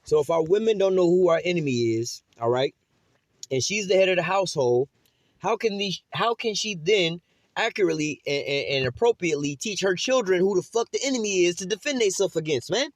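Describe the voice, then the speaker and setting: A man's voice: high voice, lively intonation, fairly quick, dry recording. A man doing profane, preachy commentary over a video, swearing constantly and asking "all right?".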